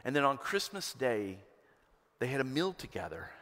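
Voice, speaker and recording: A man preaching a sermon as pastor, rising to loud emphatic peaks and dropping to hushed lows. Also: big pitch swings, moderate pace. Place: church sanctuary. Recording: long hall reverb.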